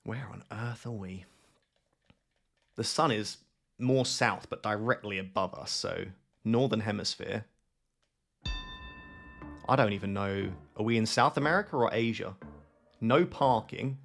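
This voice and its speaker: A man's voice: on the low side, measured pace, gravelly, pauses often, a bit bright. A man hosting his gaming channel, giving live gameplay commentary as he thinks aloud and keeps questioning himself.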